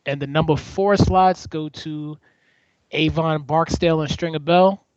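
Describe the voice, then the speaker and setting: A man co-hosting a podcast in casual chat, animated and joking, often restarting his sentences. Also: a little high, a little slow, no room sound. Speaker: podcast co-host. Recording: dry, dull lo-fi sound.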